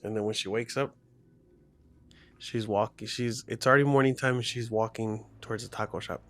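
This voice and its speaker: A man's voice: lowish voice, steady tone, moderate pace, a bit bright. A man casually retelling a horror story, rambling with lots of "like" fillers and restarts.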